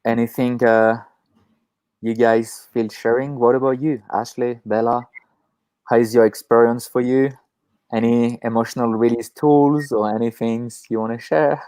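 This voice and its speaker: A man co-hosting a casual chat on a video call, talking in an animated way, swearing freely and acting out inner voices. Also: medium pitch, normal speed, no echo. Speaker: podcast co-host.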